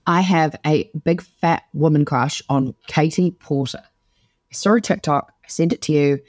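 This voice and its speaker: A woman's voice: sits low, normal speed, a little mellow, dry recording, clean studio sound. A woman co-hosting a podcast, chatting enthusiastically and rambling with plenty of fillers. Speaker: podcast co-host. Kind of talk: casual chat.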